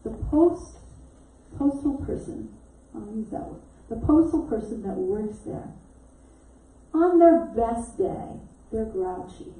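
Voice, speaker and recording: A woman's voice: a little high, slow, a little hiss or hum. A middle-aged woman minister telling a story in a sermon, acting out what people said and often laughing. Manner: animated storyteller who acts out quotes and laughs often. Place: church sanctuary. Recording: echoey hall mic from a distance.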